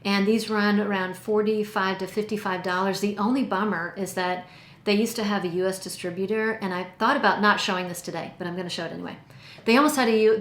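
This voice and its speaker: A woman's voice: medium pitch, fairly bright tone, a little hiss or hum. Chatty woman reviewing perfumes, roomy sound. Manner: chatty and enthusiastic, stretching out descriptive words. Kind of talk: casual product review. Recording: roomy echo.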